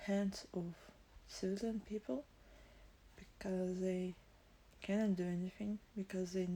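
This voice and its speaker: A young woman streaming live, talking casually in a halting, hesitant way as she searches for words, emotional and teary. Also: medium pitch, steady tone, warm tone.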